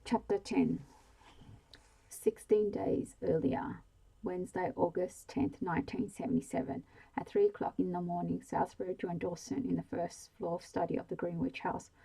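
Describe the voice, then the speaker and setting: A woman reads a novel aloud in a soft, hushed bedtime ASMR manner. Her voice sits low and dark, with a gravelly, husky grain and very little rise and fall. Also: level tone, low-quality recording. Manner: slow, hushed reading of a novel. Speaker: storyteller.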